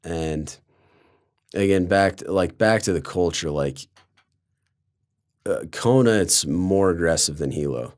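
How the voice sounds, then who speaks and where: Low-voiced young man from Colorado. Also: expressive, measured pace, pauses often, darkish tone. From Colorado, USA. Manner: loose, sarcastic, heavy use of "like". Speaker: podcast guest. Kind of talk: casual storytelling.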